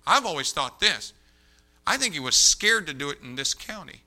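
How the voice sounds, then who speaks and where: A male pastor preaching a sermon, telling stories with animated dialogue and repeating his key points for emphasis. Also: on the high side, moderate pace. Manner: animated storyteller, acts out dialogue. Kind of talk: sermon with storytelling.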